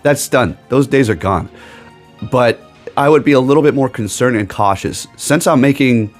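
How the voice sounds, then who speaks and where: A gaming YouTuber with a medium-pitched male voice speaks at a moderate pace over faint background music. He rambles emphatically in a casual rant full of sarcastic asides, repeatedly tagging his lines with "okay?".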